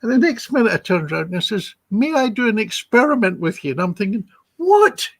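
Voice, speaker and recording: A slightly high, husky male voice, recounting personal stories to an interviewer. He is chatty and acts out each quoted line of dialogue, and the sound is close and dry. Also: expressive, fast, no echo. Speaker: psychic healer guest. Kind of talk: anecdotal storytelling in an interview.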